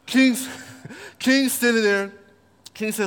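Playful slangy pastor, wide-ranging high voice, long hall reverb. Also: male voice, expressive, unhurried, long pauses, a bit bright. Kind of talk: sermon storytelling.

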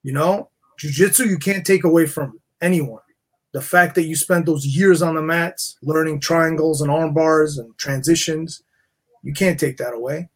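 A man's voice: a little high, moderate pace. A middle-aged man from New York, a guest on a casual podcast interview, talking in rambling bursts and often restarting with "you know". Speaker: guest, jeweler and jiu-jitsu black belt.

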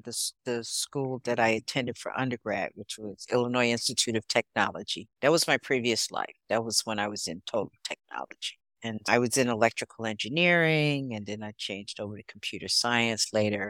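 A woman in her sixties from Chicago, a guest on a podcast. She chats in a relaxed, storytelling way, with an animated delivery. Her voice is fairly low for a woman and sounds dry and close on the mic. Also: no echo. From Chicago, USA. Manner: storytelling, animated, laughs often. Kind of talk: casual interview chat.

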